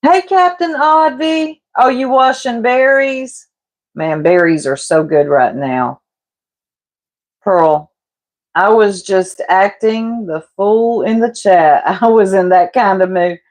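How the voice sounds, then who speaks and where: A woman with a mid-range, slightly mellow voice speaks slowly but animatedly as she cooks on a livestream. Laughing and teasing, she gossips casually with her chat and addresses them as "y'all."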